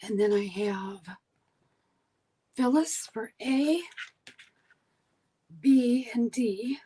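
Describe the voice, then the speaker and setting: A woman hosts a live online sale in a casual, chatty way, counting items and calling out buyers' names as she goes. Her voice sits a little high and has a husky edge. She keeps an unhurried, easygoing pace. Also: warm tone, rough recording. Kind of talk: casual live-stream selling.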